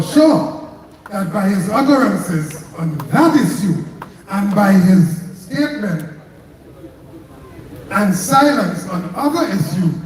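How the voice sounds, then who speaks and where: A man's voice: high voice, darkish tone. A man with a Trinidadian accent, a trade union president giving a fiery May Day speech at an outdoor street rally, repeating his slogans. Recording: echoey PA from far off with crowd.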